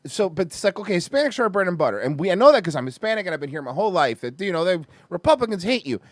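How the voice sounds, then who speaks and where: A man hosting a podcast, telling stories in casual chat with animated, profane talk and lots of fillers. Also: high voice, very fast, no room sound. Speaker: podcast host.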